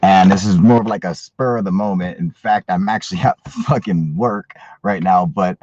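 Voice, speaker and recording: A man's voice: low-pitched, normal speed, a little mellow, no room sound. Man, livestream host, swears constantly, jokey, dry dull sound. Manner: crude, profane, jokey. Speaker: channel host. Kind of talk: casual livestream chat. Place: at work.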